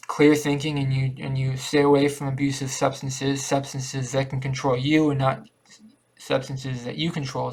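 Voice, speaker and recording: A man vlogging in an earnest, repetitive monologue, often pausing and restarting. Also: medium pitch, gravelly. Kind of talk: rambling personal monologue.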